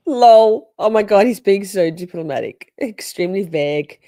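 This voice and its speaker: A woman's voice: medium pitch, moderate pace, mellow, no room sound, clean studio sound. An Australian woman hosting a livestream, chatting casually and teasingly with her viewers. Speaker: livestream host reacting to trial footage. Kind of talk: casual live chat commentary.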